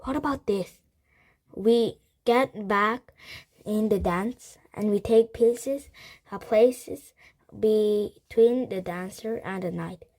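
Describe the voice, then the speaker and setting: A woman's voice: medium pitch, takes it slowly, a little mellow. A woman reading aloud who voices an anxious young boy in her own plain voice, in a hesitant way. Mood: worried.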